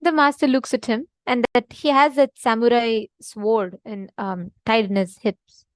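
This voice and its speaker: A woman's voice: on the high side, steady tone, a little slow, no echo, poor audio. A woman leading a devotional teaching session, earnest and emphatic, often repeating her main points. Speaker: spiritual teacher.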